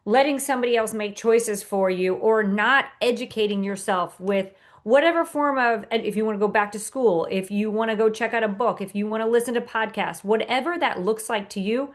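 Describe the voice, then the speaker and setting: A woman's voice: a little high, brisk, hardly any pauses. A woman author speaking as a podcast guest, earnest and motivational, with frequent fillers and restarts. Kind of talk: podcast interview.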